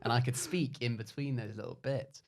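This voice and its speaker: A man in his twenties, a podcast guest, telling a casual anecdote in an animated, rambling way with many fillers. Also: medium pitch, moderate pace.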